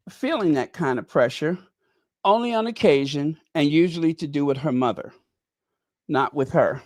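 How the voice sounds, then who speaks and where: A middle-aged man from Chicago hosts his own channel in a loose, conversational monologue. His voice sits a little high, and he wanders through his story with animated asides and laughs at his own jokes. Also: a little slow, long pauses. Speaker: channel host.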